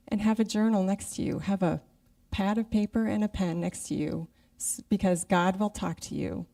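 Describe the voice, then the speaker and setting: A woman's voice: medium pitch, steady tone, moderate pace, gravelly, mellow, distant mic. A middle-aged woman giving a conversational sermon as guest speaker, acting out her own inner voice. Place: church sanctuary.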